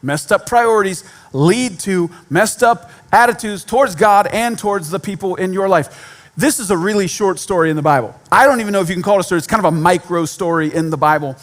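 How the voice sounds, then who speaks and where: A man's voice: high-pitched, a bit bright. A man giving a sermon in a conversational way, with self-deprecating humor and repeated points for emphasis. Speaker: pastor.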